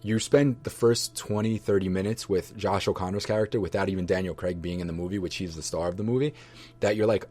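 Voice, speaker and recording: A man with a very low, deep voice ramblingly reviews a film for his viewers. He talks loosely and warmly, full of fillers and restarts, with plenty of enthusiasm. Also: steady tone, fast talker. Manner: enthusiastic, affectionate toward viewers. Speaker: vlogger reviewing books and movies.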